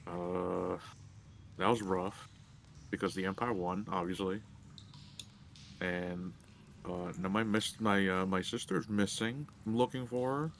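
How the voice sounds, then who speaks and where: Ex-soldier hunting for his sister, loose and slangy, lowish voice, as a man plays him. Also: fairly even intonation, slow pace, long pauses, slight background noise. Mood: casual. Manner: casual, slangy, offhand.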